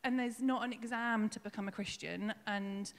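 A woman giving a personal testimony at her own baptism in church, emotional and tearful, halting with fillers as she speaks. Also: medium pitch, fairly even intonation. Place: church hall. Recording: long hall reverb.

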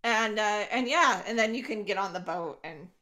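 A woman's voice: mid-range voice, moderate pace, pushed and bright. A woman narrating as game master of a tabletop game, chatty and laughing often.

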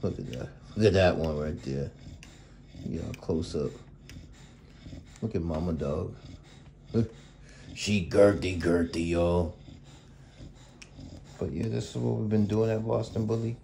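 Speaking with a deep, mellow voice at a measured pace, a man vlogs from his home kennel indoors, using vocal fry and long pauses. He rambles easily about his dogs, often saying "y'all" and "man," and there's a slight hiss or hum.

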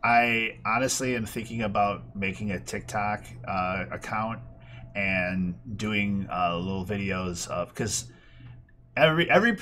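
Young guy hosting a podcast, bright kinda tense voice, laughs a lot, swears casually. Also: on the low side, measured pace, a little hiss or hum. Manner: laid-back, laughs often, swears casually. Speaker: podcast host. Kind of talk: casual chat.

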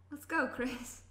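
A woman voicing a brash, tough teenage monster girl who talks bluntly and casually, recorded in an echoey room. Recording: echoey room, faint noise.

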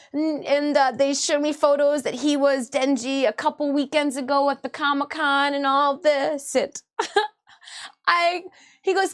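A woman's voice: sits high, measured pace. A woman from Michigan, a cosplayer hosting her livestream, tells casual rambling stories, corrects herself often and acts out the dialogue she quotes. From Michigan, USA.

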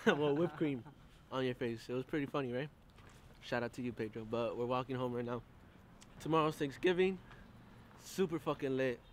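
A man's voice: medium pitch, moderate pace, pauses often, slight background noise. A young man filming a casual vlog outdoors at night, joking and laughing with a friend as he walks home. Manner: laid-back, joking, laughs often. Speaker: vlogger filming a friend's birthday. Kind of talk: casual chat. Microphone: handheld camera.

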